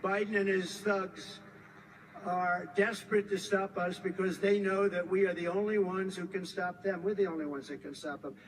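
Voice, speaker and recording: A man's voice: high voice, steady tone, moderate pace, slight background noise, low-quality recording. An American man in his seventies giving a rambling, repetitive, emphatic campaign rally speech from a podium. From United States. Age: 70s. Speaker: politician.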